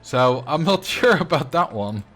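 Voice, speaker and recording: With a slightly high, sing-song voice that is a bit slow and bright, a game streamer chats casually with viewers. He speaks Dutch natively, carries a Dutch accent, laughs readily, and keeps restarting his sentences.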